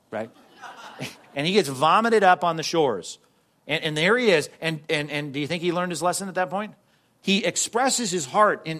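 Guy preaching a sermon, kinda high voice, chatty, keeps asking right?. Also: fairly bright tone. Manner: conversational preaching with frequent "right?" asides; slows and stresses quoted scripture. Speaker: pastor.

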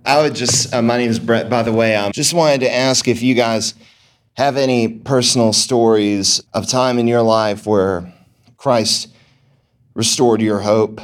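A man's voice: medium pitch, fairly even intonation, unhurried. A man from the audience earnestly asking the panel a question, with some hesitation.

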